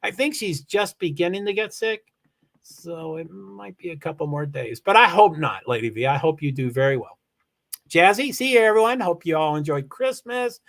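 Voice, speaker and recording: A man's voice: fairly high pitch, expressive, normal speed, fairly bright tone. A man hosting a livestream, chatting casually and rambling as he reads viewer comments and thanks people with frequent restarts. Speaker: livestream host.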